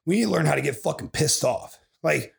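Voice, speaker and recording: A man's voice: a little high, animated, fairly quick, creaky. A man hosting a podcast as a bodybuilding coach, ranting in an aggressive, profane way and swearing constantly.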